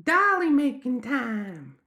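Shrill, stubborn gremlin infant for a storybook, high and drawn out. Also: very animated, bright, forceful tone, echoey room, heavily acted. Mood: chanting. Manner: shrill, chanting, slow and insistent.

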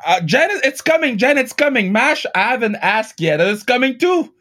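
Excitable high-voiced male podcast host. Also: moderate pace. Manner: excitable, profane, stammering repeats. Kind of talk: casual podcast interview.

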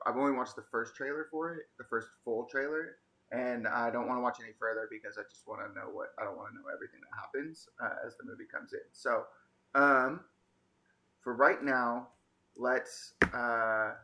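A man hosting a casual chat with friends, animated and quick to laugh, leading the topics. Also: medium pitch, poor audio. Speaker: podcast host.

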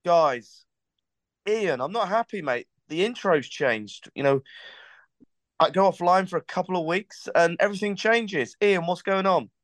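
A man's voice: sits high, unhurried, a bit bright, no echo. A man hosting a podcast, chatting casually and joking in a rambling, friendly way. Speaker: podcast host.

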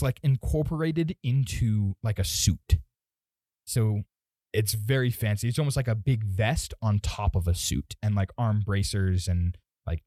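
A man narrating as dungeon master, relaxed and rambling, with fillers and self-corrections. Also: on the low side, dry recording. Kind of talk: narrating a tabletop game.

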